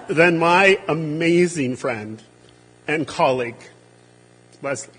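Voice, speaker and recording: A man's voice: fairly high pitch, normal speed, pauses often, long reverb tail, a little hiss or hum. A man giving a humorous, anecdotal eulogy for a friend and colleague at a memorial service, livening his stories by acting out what people said. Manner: humorous, animated when quoting others.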